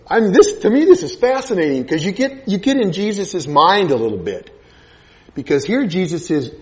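A man's voice: fairly high pitch, darkish tone. A man preaching a sermon, retelling a Bible story and acting out the voices in the scene.

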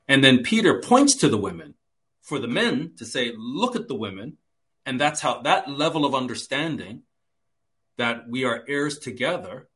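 Lively preaching man with swinging emphasis. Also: medium pitch. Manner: expository teaching with dramatic emphasis swings. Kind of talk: sermon.

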